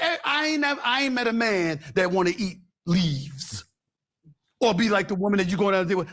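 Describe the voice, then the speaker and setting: A man with a high voice talks on a panel show. His pitch swings widely as he leans hard on his points, repeating words for emphasis. His delivery is casual and forceful. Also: moderate pace. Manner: emphatic, animated, repeats himself for effect.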